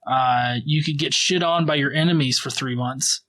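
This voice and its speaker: A man's voice: medium pitch, moderate pace, a bit bright, lightly acted. A man voicing a stern male God offering punishments in a crude, mocking way.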